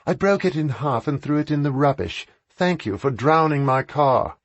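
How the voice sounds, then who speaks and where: Casual: guy doing a snappy posh lady, lively ups and downs. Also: normal speed, no room sound, highs cut off, close to an everyday voice. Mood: brusque. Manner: exclaiming, higher voice. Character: aristocratic Englishwoman, sharp-tongued and brusque.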